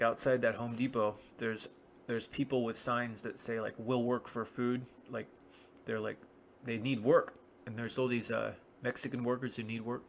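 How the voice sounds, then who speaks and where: Guy rambling on camera, kinda self-mocking, gravelly, mid pitch. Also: a little hiss or hum. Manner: rambling, wry, self-deprecating. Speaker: vlogger. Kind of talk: casual rambling monologue.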